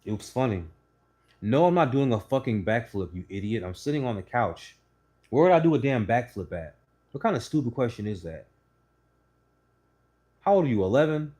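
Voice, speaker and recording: A man telling stories and opinions to his channel in a blunt, profane, animated way while sitting on a couch indoors. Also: medium pitch, moderate pace, long pauses. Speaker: channel host. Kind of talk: casual opinion monologue.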